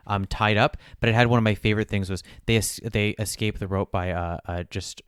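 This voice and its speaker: Low-voiced man making wry asides. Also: fairly even intonation, brisk, clear, resonant tone, dry recording, studio quality. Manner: laid-back, wry asides and frequent agreement. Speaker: podcast co-host. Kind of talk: casual chat.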